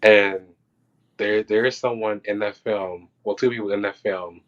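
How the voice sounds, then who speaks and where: Man, low voice, loose animated storyteller; muffled lo-fi recording. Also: unhurried. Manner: loose and animated, acting out quotes and reactions. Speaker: podcast guest, film crew electrician. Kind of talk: casual storytelling. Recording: dull lo-fi sound.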